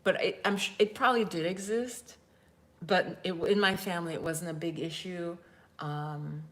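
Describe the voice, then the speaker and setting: A woman's voice: on the low side, fairly even intonation, normal speed, fairly bright tone. A woman in her fifties from Jamaica, with a Jamaican accent, chatting casually on a live stream as a spiritual life coach. She tells stories animatedly, acts out quotes and laughs often.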